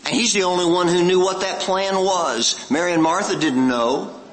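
A man's voice: sits high, normal speed, hardly any pauses, big-room sound, a little hiss or hum, rough recording. A man preaching a morning sermon, earnest and conversational, asking the congregation questions and repeating lines for emphasis.

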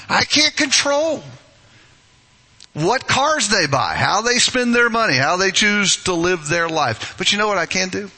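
Middle-aged male pastor, sermon, piercing bright tone, a bit husky; emphatic, punches key words. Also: very animated, measured pace. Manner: emphatic, rising to forceful high-pitched stresses.

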